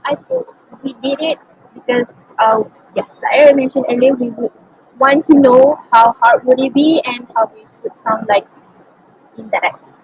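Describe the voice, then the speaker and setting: A woman's voice: high-pitched, highs cut off, slight background noise. A young woman with a Malaysian English accent, a native Malay speaker, earnestly answering interview questions and thinking aloud with many ums. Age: young adult.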